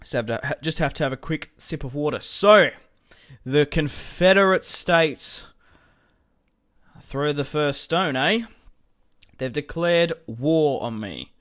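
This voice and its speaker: A man's voice: fairly high pitch, expressive, takes it slowly, a bit bright. A young man casually commenting on a strategy game as he plays, rambling and chatty, often laughing to himself. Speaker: gaming commentator.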